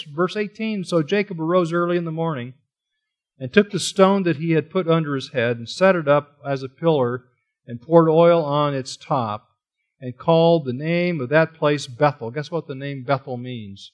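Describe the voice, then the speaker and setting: A man teaching a Bible study sermon, animated and asking the listeners questions as he stresses key words. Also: fairly high pitch, moderate pace. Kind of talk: expository sermon.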